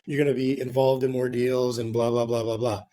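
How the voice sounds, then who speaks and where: A man's voice: mid-range voice, level tone, a little fast, warm tone, no echo. A middle-aged man, a real estate agent, telling a casual story in an interview, rambling with lots of fillers, swearing now and then, and tagging "right?" onto his sentences.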